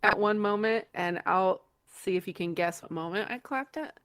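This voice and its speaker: A woman's voice: medium pitch, moderate pace, a bit bright, no echo, studio quality. A woman co-hosting a podcast, chatting casually and giggly about movies and retelling moments with enthusiasm. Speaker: podcast co-host.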